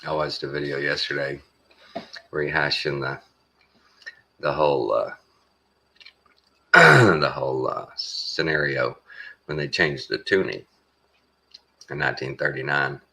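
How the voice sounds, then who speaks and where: A man with a Texan accent talking casually to his viewers, meandering along with lots of pauses and folksy phrasing. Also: extremely low pitch, creaky, bright, forceful tone, breathy edge. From Texas. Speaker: vlogger. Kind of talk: casual rambling monologue.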